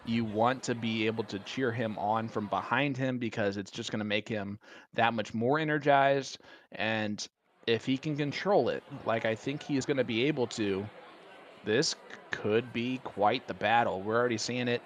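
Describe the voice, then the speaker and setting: An excitable male commentator calling a darts match live. He talks in a chatty, joking way at a middling pitch, with faint noise underneath. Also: moderate pace.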